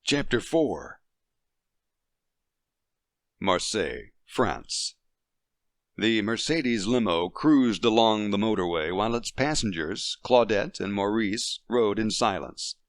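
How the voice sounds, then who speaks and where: A man narrating a novel as an audiobook in a steady, expressive reading. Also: lowish voice, slow, long pauses, no room sound, studio quality. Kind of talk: scripted narration.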